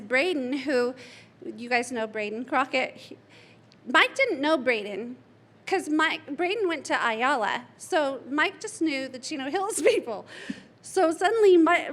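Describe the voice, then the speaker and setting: A woman's voice: high-pitched, fairly bright tone. A middle-aged woman giving a eulogy as a friend's mother, rambling through anecdotes and laughing through tears. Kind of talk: memorial speech. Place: memorial gathering hall.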